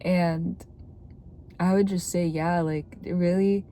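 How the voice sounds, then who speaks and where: Mellow-voiced young woman with a sore throat. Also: fairly low pitch, steady tone, slow, slight background noise. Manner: chatty, earnest, with many "like" fillers. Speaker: content creator. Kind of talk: casual talking-to-camera advice.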